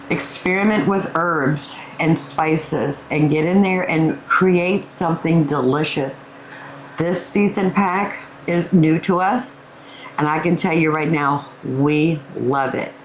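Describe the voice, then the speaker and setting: A woman's voice: low-pitched, slight background noise, low-quality recording. An older woman, hosting a casual cooking vlog and calling her viewers family as she tastes her food. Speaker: cooking channel host.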